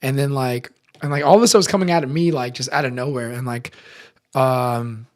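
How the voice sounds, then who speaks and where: A young man casually telling a personal story in slangy speech full of fillers, swinging between loud excitement and hushed tones. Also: mid-range voice, normal speed. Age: young adult. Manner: animated, slangy, many fillers. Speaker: podcast contributor.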